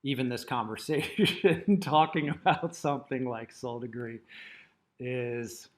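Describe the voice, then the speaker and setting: A middle-aged man co-hosting a talk, soft-spoken and easygoing, reading a passage aloud at a slow, measured pace. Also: medium pitch, slight background noise. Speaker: co-host. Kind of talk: casual chat and reading aloud.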